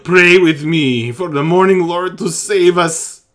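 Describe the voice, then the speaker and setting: A man voicing a desperate, grieving village priest who speaks hoarsely, close to sobbing, and keeps repeating himself. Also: fairly high pitch, big pitch swings, pitched above the performer's own voice, heavily acted. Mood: frantic. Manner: pleading, repeating himself, halting. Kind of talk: voicing a character in a tabletop game.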